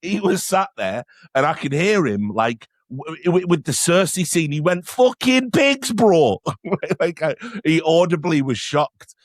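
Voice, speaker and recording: A man from England co-hosting a film podcast, telling stories in a halting, profane, casual way. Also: on the high side, dry recording, studio quality. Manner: storytelling, profane, halting restarts. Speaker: podcast co-host. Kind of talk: casual film-talk chat.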